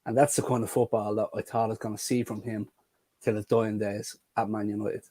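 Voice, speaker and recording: Relaxed man chatting on a panel. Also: on the low side, fairly quick, husky.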